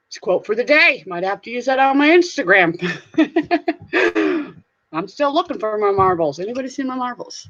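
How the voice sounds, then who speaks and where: Hosting a relaxed live stream, this middle-aged Southern US reseller reads viewer comments in playful, giggly sing-song voices, full of goofiness. She speaks at medium pitch, very animated, fairly quick and a bit bright, over slightly dull lo-fi stream audio.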